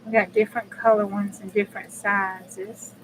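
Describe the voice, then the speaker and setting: A woman hosts a crafting livestream, chatting straight to her viewers in a blunt, casual way and swearing freely. Her voice sits at medium pitch with a flat delivery and a moderate pace. The audio is poor, with a little hiss or hum.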